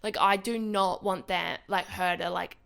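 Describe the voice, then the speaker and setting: A woman's voice: lowish voice, fairly even intonation, unhurried, vocal fry, fairly bright tone. A young woman co-hosting a podcast, chatting casually, swearing and saying "like" often. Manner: casual, swears, says "like" a lot. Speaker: podcast co-host. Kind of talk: casual chat.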